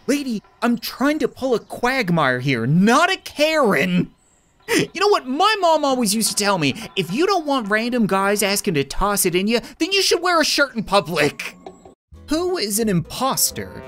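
A man with a high, somewhat bright voice cracks crude jokes while playing video games, the comedic commentary of a gaming YouTuber.

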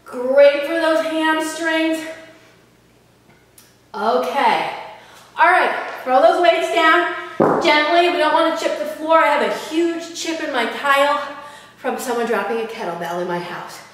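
Woman fitness coach, high voice, unhurried, recorded from afar in a reverberant hall. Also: a bit bright. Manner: counting reps and cheering on. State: out of breath. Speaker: fitness instructor. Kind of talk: workout instruction. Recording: echoey room, far from mic.

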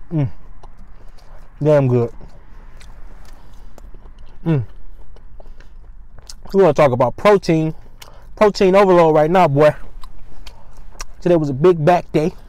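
A man chats loosely and slangily to his viewers, his voice sitting a little high for a man. He talks close to the mic in an easygoing vlog manner. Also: slow pace, pauses often, no echo, rough recording. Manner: relaxed, slangy, chatty between bites with frequent mm sounds. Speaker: mukbang vlogger. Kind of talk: casual eating vlog talk.

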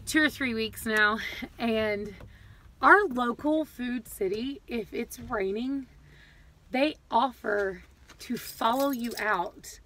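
A woman vlogging casually about her family, chatting in an animated way with quick asides, recorded in a car. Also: fairly high pitch, a little hiss or hum. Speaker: vlogger, mother. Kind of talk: casual family vlog chat.

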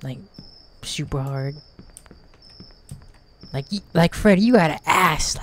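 A man's voice: fairly high pitch, slow, pauses often, a bit bright. A man hosting a gaming channel, giving casual, slangy let's play commentary.

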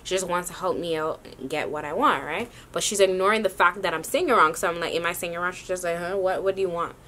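A woman's voice: lowish voice, fast talker, pushed and bright. A woman vlogging a sneaker haul, rambling and casual with lots of slang. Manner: chatty, rambling, slangy ("yo", "y'all").

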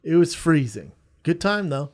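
A man's voice: a little high, a little slow. A man co-hosting a podcast, telling stories in casual, profane banter. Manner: profane, animated storyteller. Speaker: podcast co-host.

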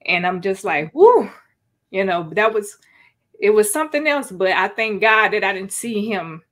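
A woman's voice: medium pitch, lively intonation, normal speed, fairly bright tone. A woman hosting a talk show, speaking with emotion and holding back tears, with many "you know" fillers. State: near tears. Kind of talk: heartfelt conversational interview.

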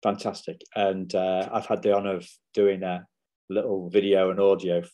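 A man's voice: deep voice, little pitch movement, normal speed, mellow, lo-fi sound. A man hosting a podcast interview, speaking with frequent restarts and fillers. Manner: hesitant, many restarts. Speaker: podcast host.

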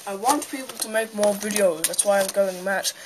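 Chatty woman vlogger for a home toy unboxing, rambling commentary, picked up by the camera's own mic with loud noise and crinkling packaging. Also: medium pitch, moderate pace. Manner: rambling, chatty, talks while handling things. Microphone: handheld camera's built-in mic.

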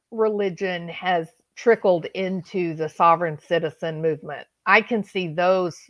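A woman's voice: fairly low pitch, a bit bright, no room sound, dull audio. A woman hosting a livestream, chatting and joking with her viewers. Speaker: livestream host. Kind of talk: casual chat.

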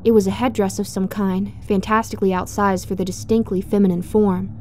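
Brief: woman narrator for a horror story, mid-pitched and warm, hushed and suspenseful. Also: little pitch movement, fairly quick, a little hiss or hum.

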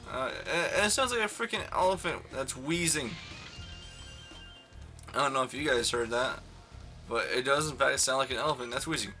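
A young man talks through a video game in a bright, forward voice, rambling and poking fun at himself. His commentary is casual and profane, with quiet game music underneath. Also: medium pitch, animated, moderate pace, pauses often. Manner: rambling, self-mocking, profane. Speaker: let's play commentator.

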